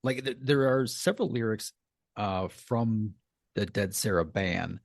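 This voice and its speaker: A man's voice: fairly low pitch, unhurried, vocal fry, dry recording, clean studio sound. A man co-hosting a podcast in casual chat, hesitant with many ums and stammered starts. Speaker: podcast co-host.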